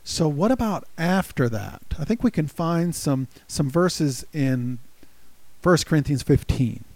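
A man co-hosting a conversational Bible study, reading scripture in a slow, deliberate and thoughtful way. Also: on the high side, expressive, darkish tone, no room sound. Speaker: co-host of a Bible study show.

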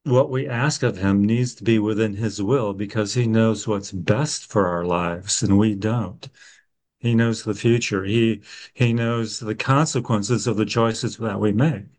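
A man co-hosting a conversational Bible study, reading out verses and explaining them in a steady way. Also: on the low side, a little slow, rough recording. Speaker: co-host of a Bible discussion.

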